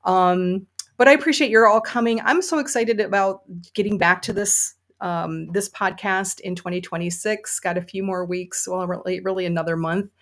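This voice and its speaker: A woman's voice: medium pitch, fairly even intonation, normal speed, a bit bright. A woman hosting a casual livestream, chatty and enthusiastic, with many fillers. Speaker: podcast host and novelist.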